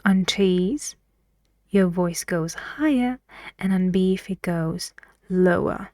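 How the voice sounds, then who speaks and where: A woman teaching English pronunciation, speaking slowly and carefully and swinging her pitch up and down to model intonation. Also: dark tone, dry recording, studio quality. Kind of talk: pronunciation lesson.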